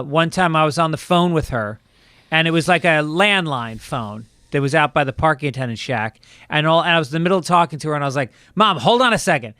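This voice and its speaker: A man co-hosting a podcast, telling animated stories in casual chat and laughing often. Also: on the high side, clean tone, dry recording, studio quality. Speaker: podcast co-host.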